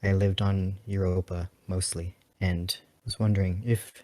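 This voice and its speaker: Man doing a deep-voiced, formal dolphin war pilot, measured delivery, dry close sound, tabletop role-play. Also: level tone, darkish tone, no room sound. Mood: curious. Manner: measured and formal, calls others "child".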